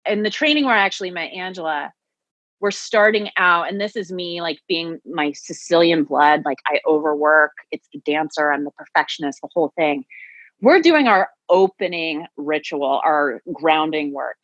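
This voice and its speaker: Earnest woman guest, low voice, lo-fi sound. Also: animated, moderate pace, fairly bright tone, no echo. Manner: earnest, reflective storytelling. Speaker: yoga and Pilates teacher, guest. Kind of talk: conversational podcast interview.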